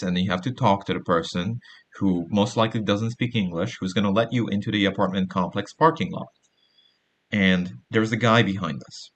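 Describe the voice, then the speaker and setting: A young man hosting a podcast, telling a long digressive story with a sardonic edge and acting out the people he quotes. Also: lowish voice. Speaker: podcast host. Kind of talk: rambling storytelling monologue.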